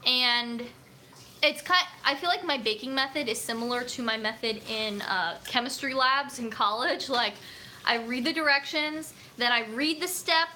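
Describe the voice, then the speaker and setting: With slight background noise, a nutrition coach's high-ish, pushed and bright voice comes through a camera on a tripod. She's hosting a casual live chat from a room at home set up for filming, rambling along with lots of filler words.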